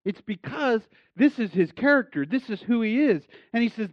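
High-voiced man preaching conversationally. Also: lively intonation, moderate pace, hardly any pauses, no echo, highs cut off. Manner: conversational, self-deprecating and enthusiastic with frequent restarts. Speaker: pastor. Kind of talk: sermon.

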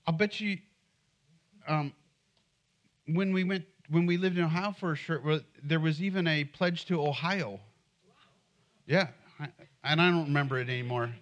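A man's voice: high voice, a bit bright. A middle-aged man preaching a sermon in church, conversational and humorous, often asking the congregation questions. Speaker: pastor.

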